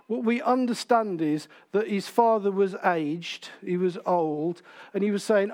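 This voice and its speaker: A man's voice: high-pitched, a little slow, a little mellow. A man preaching a sermon in church, in a conversational way, asking the congregation questions.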